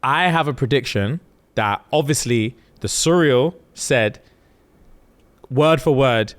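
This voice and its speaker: A man co-hosting a podcast, retelling a book in casual chat and acting out the characters' lines. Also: slow pace. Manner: animated, acts out characters' lines with big pitch jumps and laughter. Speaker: podcast co-host.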